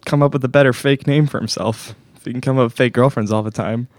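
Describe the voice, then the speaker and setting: A man hosting a comedy podcast, delivering a deadpan mock talk-show monologue and breaking into laughs. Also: medium pitch, quick pace, no echo.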